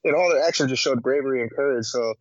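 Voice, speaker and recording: A man's voice: mid-range voice, fast, no echo, dull audio. A man in a casual podcast chat, rambling and slangy, full of fillers and restarts.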